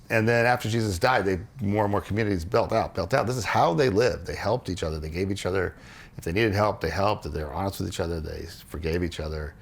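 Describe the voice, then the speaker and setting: A man on a podcast, explaining ideas earnestly in casual conversation and acting out quoted dialogue as he goes. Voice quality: low gravelly voice, husky. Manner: earnest, animated storytelling with restarts and quoted dialogue. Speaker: podcast co-host explaining religious history.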